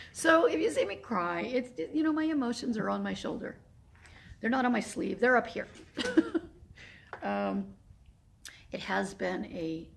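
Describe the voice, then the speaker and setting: Gravelly fifty-something woman, chatty and teary, laughs a lot, faint hiss behind. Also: mid-range voice. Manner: rambling and emotional, laughs often. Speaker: horse sanctuary founder. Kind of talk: casual heartfelt video update. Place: Walnut Creek area.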